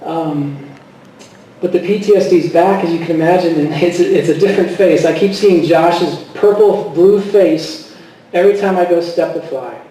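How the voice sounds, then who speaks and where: A middle-aged man giving a personal testimony, speaking haltingly with many fillers and restarts and often quoting himself. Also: on the high side, mellow. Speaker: guest speaker. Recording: echoey hall from far off.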